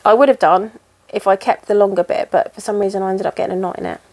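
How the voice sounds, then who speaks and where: A woman's voice: medium pitch, steady tone, fast, a little mellow. A woman in casual chat while she stitches, rambling and poking fun at herself. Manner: rambling, chatty and self-deprecating. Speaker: cross-stitch vlogger.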